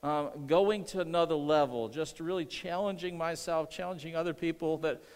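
A man's voice: a little high, normal speed, smooth, in a large hall. A middle-aged man preaching a sermon as pastor, earnest, repeating phrases and calling for amens.

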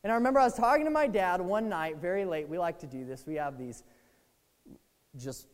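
A young adult preacher giving a sermon, animated, acting out past prayers and thoughts. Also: mid-range voice. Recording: long reverb of a large hall.

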